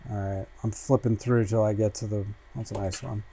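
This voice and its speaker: A man hosting a casual livestream, flipping through a comic book and muttering relaxed asides, swearing freely as he goes. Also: on the low side, a little fast, a little hiss or hum.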